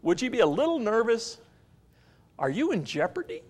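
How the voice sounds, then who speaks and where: A man's voice: high-pitched, moderate pace. Guy preaching, tells stories and keeps asking the crowd questions, lots of up and down in his voice. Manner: animated storytelling preacher, asks the congregation questions. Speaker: pastor. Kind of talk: sermon.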